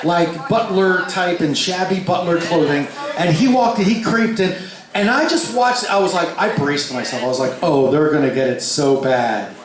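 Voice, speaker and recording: Before a live crowd in a large concert hall, a male stage performer tells a story between songs at a normal speed, swearing freely. He is animated and shifts his pitch to voice the people he quotes, and the recording is echoey with audible crowd.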